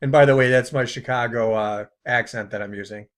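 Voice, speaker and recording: A man in the middle of his pitch range narrates a commentary video. He mocks the clips he plays, laughing at them and letting his voice trail off softly at the ends of phrases. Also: fairly even intonation, brisk. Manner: mocking, laughing, trailing off quietly.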